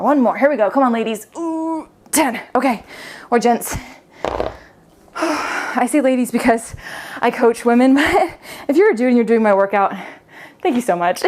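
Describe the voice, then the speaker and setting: Breathless young female fitness coach, slightly high voice, chatty, counts reps aloud mid-exercise. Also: lively intonation, measured pace, pauses often, darkish tone. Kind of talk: talking while leading a home workout.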